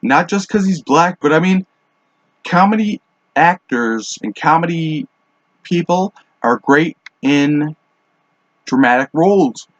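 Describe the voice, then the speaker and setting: A slightly high-voiced man rambles offhand through a casual solo monologue, stumbling into restarts and fillers. He is smoking as he talks. The recording is dull and lo-fi, with a dry, close sound. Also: expressive, slow pace, no room sound. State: smoking while talking. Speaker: podcast host. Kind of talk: casual monologue on fan casting. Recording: dull, dry lo-fi home mic.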